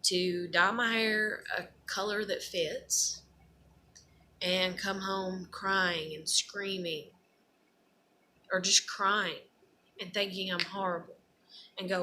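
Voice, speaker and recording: A woman's voice: mid-range voice, steady tone, takes it slowly, long pauses, slight background noise. A woman giving an earnest, rambling personal talk in an unscripted monologue. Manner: earnest, rambling, turns loud and emotional when acting out despair.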